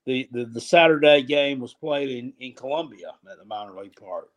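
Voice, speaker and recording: A man co-hosting a casual sports chat, talking in a halting, hesitant way with sarcastic jabs. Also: medium pitch, animated.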